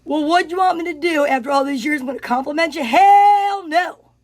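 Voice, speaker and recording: A woman's voice: high voice, fairly quick, a little mellow, natural voice. A woman doing a comedy impression of a cocky, crude male big-cat zoo owner, talking back defiantly.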